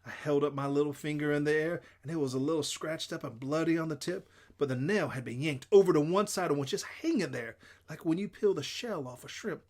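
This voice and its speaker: A man reading a children's novel aloud in plain, steady first-person narration. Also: a little high, fairly quick, hardly any pauses. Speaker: audiobook reader.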